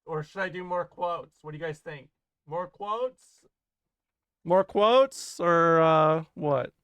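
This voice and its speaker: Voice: medium pitch, takes it slowly, a bit bright, clean tone, dry recording. A streamer rambling and laughing on stream. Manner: rambling, laughing, trailing off to mumbles. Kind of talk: casual live stream chat.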